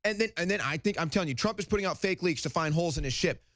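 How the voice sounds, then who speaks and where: High, lively male co-host with a mocking edge, dry close sound. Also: rapid-fire, no room sound. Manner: animated, mocking impressions of others. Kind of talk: heated political talk show.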